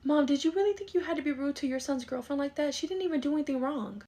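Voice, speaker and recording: An exasperated young adult daughter arguing with her mother, sarcastic and quick-tongued, as a woman acts her out. She talks fast in a slightly high voice in this comedy skit. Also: expressive, dark tone. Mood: incredulous. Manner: argumentative, sarcastic. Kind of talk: skit role-play.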